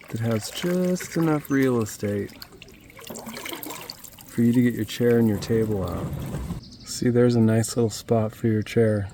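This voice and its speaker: A man from Nevada vlogging from his kayak on a lake, talking in a relaxed, rambling way and marveling at the scenery. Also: mid-range voice, slight background noise. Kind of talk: casual outdoor vlog narration.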